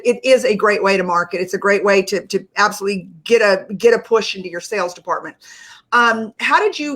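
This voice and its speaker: A woman's voice: medium pitch, fairly bright tone. A woman hosting an interview, asking long, winding, enthusiastic questions full of fillers. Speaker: interview host. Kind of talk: casual interview.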